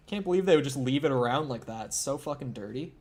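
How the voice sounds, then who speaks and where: A man's voice: mid-range voice, expressive, fast talker, a little mellow. A young man with a Minnesota accent, chatting casually and rambling as he streams a video game, swearing often and filling gaps with "like". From Minnesota, United States. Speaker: gaming streamer. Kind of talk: casual gameplay commentary.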